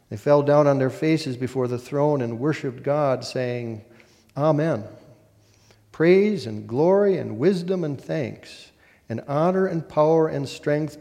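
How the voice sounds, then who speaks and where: A man preaching a sermon as a pastor, reading scripture in a measured, solemn way with deliberate pauses. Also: medium pitch, mellow, big-room sound.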